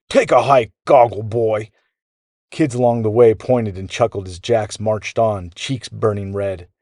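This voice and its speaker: A man with a low, deep voice narrates a children's bedtime story. He tells it in a lively, animated way, recorded close and dry. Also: no echo.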